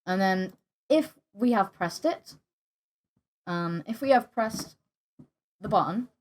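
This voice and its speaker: A woman's voice: mid-range voice, lively intonation, slow pace. Hesitant young woman explaining code. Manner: hesitant, stumbling, apologetic. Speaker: tutorial host. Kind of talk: screen-recorded coding tutorial.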